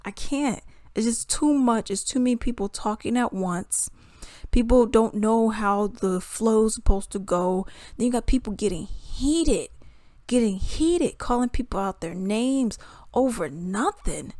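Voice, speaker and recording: A woman giving a casual commentary rant to her viewers. She sounds animated and exasperated and laughs between points. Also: fairly high pitch, measured pace, dry recording. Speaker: commentary vlogger.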